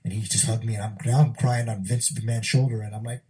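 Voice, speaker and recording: A man's voice: fairly even intonation, fast talker, mellow, breathy edge, low-quality recording. A man in casual podcast talk, recounting a story with feeling and acting out what others said. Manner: emotional, acts out quotes with shifting pitch. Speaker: former wrestler recounting a story.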